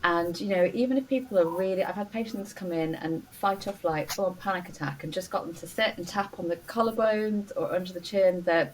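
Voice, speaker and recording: A woman's voice: on the low side, fairly quick, few pauses, distant mic, poor audio. A middle-aged woman, a doctor and coach, talking earnestly and encouragingly as a podcast guest, with many "you know" fillers. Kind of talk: warm interview conversation. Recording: faint noise, voice a bit off-mic.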